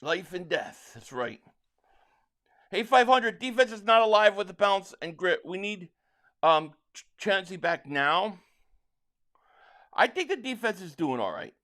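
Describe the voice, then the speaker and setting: A man from Philadelphia hosting a live football watch-along, excitably calling plays and reading viewer chats, stammering on restarts. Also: high voice, a little slow, long pauses. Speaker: livestream host and fan.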